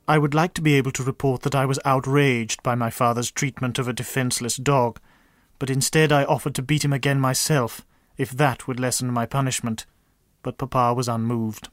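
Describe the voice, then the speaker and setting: Deadpan man reading a comic story. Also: mid-range voice, moderate pace, over music. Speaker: narrator.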